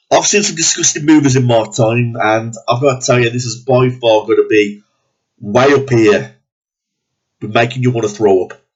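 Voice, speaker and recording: A man's voice: medium pitch, breathy edge. A man ranting bluntly and profanely in a movie review, sounding disgusted and exasperated. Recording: dull lo-fi recording.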